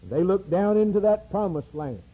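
A man preaching a sermon, rising to loud emphatic peaks and dropping to hushed low phrases. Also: expressive, moderate pace, breathy edge, phone-quality sound. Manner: dramatic preaching with sweeping rises and drops.

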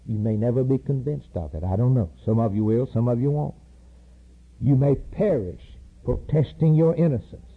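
A man preaching a fiery sermon, pleading with his listeners and rising to loud emphatic peaks. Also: a little high, husky. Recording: tinny phone-like old sermon tape.

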